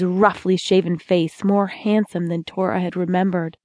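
A woman narrating a romance audiobook in a steady, expressive reading voice on a close studio mic. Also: lowish voice, moderate pace, hardly any pauses, no room sound.

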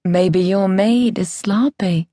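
A woman's voice: medium pitch, slow, warm tone, no echo. Skeptical younger sister, nonchalant, read by a woman; dry sound. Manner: nonchalant, lightly sardonic.

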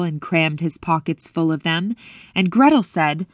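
A woman narrating an audiobook in clear, measured storytelling that lifts at moments of wonder. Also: on the low side, lively intonation, no room sound, studio quality. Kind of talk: scripted narration.

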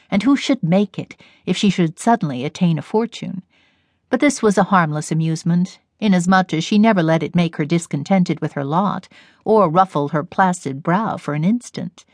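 A woman narrating a classic novel as an audiobook in a measured, even storytelling manner. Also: fairly low pitch, no room sound, clean studio sound.

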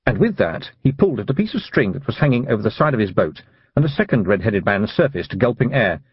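A male narrator reads a children's fantasy story with a husky, breathy tone and a pitch that swoops up and down. The sound is dry and close, with a slightly dull, muffled quality. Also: fast, dry recording. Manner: lively, expressive reading. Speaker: audiobook narrator.

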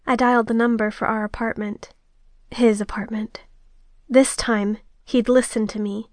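A female audiobook narrator tells a first-person romance in a steady, intimate way. Her voice sits fairly high and sounds close and dry, with no room around it. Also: moderate pace, no echo.

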